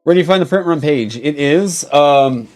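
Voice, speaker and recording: Young streamer guy, super lively voice jumping all over, swears a lot, bit of music behind. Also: on the high side, moderate pace. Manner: animated, swears freely, exclaims in mock outrage. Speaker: streamer reading chat. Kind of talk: casual stream chat.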